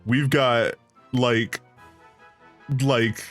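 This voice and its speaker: A male streamer chatting casually with friends on a gaming stream, excitable and quick to swear. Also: mid-range voice. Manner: excitable, swears when riled up. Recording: faint music behind.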